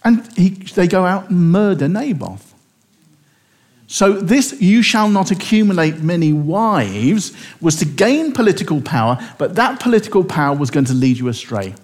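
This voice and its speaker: Animated man teaching the Bible. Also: sits high, normal speed, slightly rough. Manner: animated, rhetorical questions, chuckling asides.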